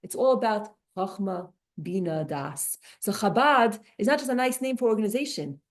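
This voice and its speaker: A woman teaching a Torah class, animated and restarting her sentences often. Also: medium pitch, normal speed. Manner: animated, many restarts and repeated words.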